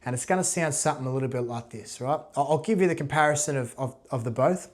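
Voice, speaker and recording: A man teaching guitar in a casual video lesson, relaxed and chatty, checking in with "right?" after almost every point. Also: medium pitch, quick pace. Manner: relaxed, repeats "right?" often.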